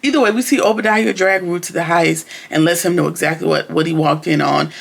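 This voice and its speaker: Male TV reviewer, high voice with a gravelly edge, loose and chatty, recaps plot in casual slang. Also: a little fast, fairly bright tone. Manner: rambling, chatty, slangy with frequent restarts. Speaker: TV episode reviewer.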